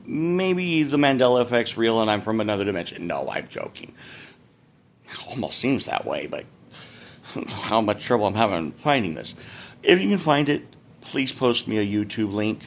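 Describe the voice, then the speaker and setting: A man's voice: lowish voice, very animated, normal speed, a little hiss or hum. A man in his fifties talking casually to his followers in a rambling, self-deprecating way. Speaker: content creator. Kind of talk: casual direct-to-camera vlog.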